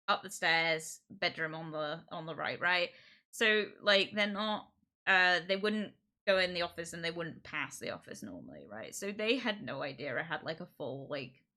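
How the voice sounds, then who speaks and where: A woman streamer chatting casually from her home office into a streaming mic, rambling and quick to laugh. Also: on the low side, sharp tone. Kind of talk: casual livestream chat. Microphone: streaming microphone.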